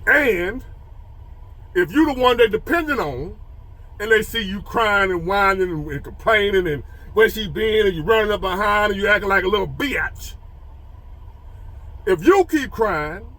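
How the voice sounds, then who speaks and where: A man's voice: high-pitched, animated, moderate pace, fairly bright tone. A man telling a childhood story and turning it into preachy life advice for men, repeating phrases for emphasis. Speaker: motivational storyteller.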